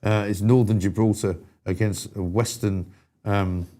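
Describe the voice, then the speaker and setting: A man's voice: fairly low pitch, steady tone, measured pace, mellow. A man hosting a live talk show, speaking bluntly and with exasperation, in an irascible style. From England. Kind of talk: opinionated live show chat.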